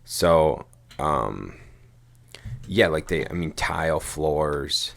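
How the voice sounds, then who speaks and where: A man's voice: extremely low pitch, expressive, drawn-out words, creaky, fairly bright tone. A man co-hosting a podcast, telling a rambling story in casual chat, swearing casually and saying "dude" and "like" a lot. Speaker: podcast co-host.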